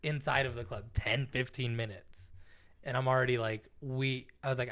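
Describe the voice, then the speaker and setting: A man's voice: mid-range voice, measured pace, long pauses. Casual young man telling a wild story. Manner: animated, swears freely, acts out quotes. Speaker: podcast co-host.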